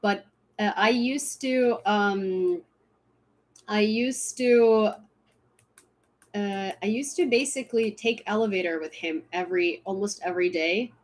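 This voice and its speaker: A woman's voice: mid-range voice, measured pace. A young woman hosting a casual livestream, rambling with many fillers and restarts as she tells a story. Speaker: livestream host.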